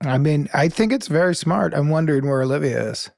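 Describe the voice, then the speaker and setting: A man's voice: a little high, fairly quick, vocal fry, darkish tone, dry recording, clean studio sound. A man co-hosting a comedy advice podcast, joking around and dropping mock Spanish phrases. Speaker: podcast co-host. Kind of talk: comedic casual chat.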